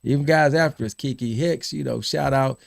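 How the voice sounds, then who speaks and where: A middle-aged man hosting a podcast, telling lively stories about his college team, laughing and repeating himself as he goes. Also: medium pitch, moderate pace, gravelly, dry recording, studio quality. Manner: animated storyteller, laughs and repeats words. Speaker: podcast host. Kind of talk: casual storytelling chat.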